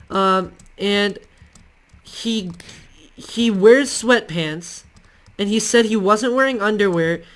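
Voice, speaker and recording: A man's voice: high-pitched, a bit bright. A male channel host telling casual stories to the camera in a rambling, hesitant way, full of ums and restarts.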